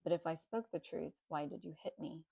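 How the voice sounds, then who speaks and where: A woman reading aloud the calm, measured replies of a grown man on trial. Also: low voice, creaky, slightly rough, dry recording, heavily acted.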